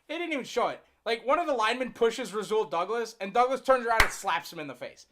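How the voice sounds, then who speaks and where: A man with a high, bright, sharp voice calls a football game live on stream. He moves between quick play-by-play and exasperated, sarcastic rants at his own team's blunders. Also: expressive. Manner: exasperated ranting with bursts of sarcasm. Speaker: sports streamer.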